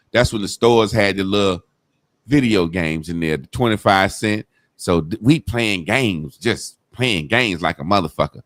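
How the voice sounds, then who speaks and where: A man's voice: fairly low pitch, moderate pace, fairly bright tone, dry recording. A man telling a childhood story in casual, profane talk, acting out the people he quotes. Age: adult.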